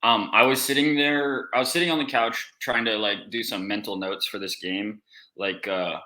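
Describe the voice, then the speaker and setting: A man's voice: lowish voice, steady tone, moderate pace, bright, forceful tone, poor audio. A man co-hosting a sports podcast, talking emphatically in casual chat about a basketball game. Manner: emphatic, complaining about refs. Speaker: podcast co-host.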